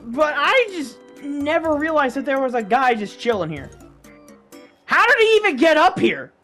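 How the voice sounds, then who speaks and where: A woman's voice: high voice, fairly bright tone. A woman narrating her own gameplay footage in casual commentary, exasperated, self-mocking and swearing freely. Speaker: gaming YouTuber.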